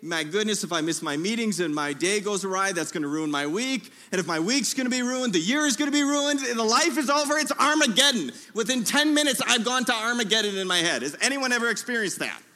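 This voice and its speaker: A man preaching a sermon in a tent, telling a humorous story in a lively way and calling out to his listeners. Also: high-pitched, fast talker, few pauses. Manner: lively, humorous storytelling with audience call-outs. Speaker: pastor.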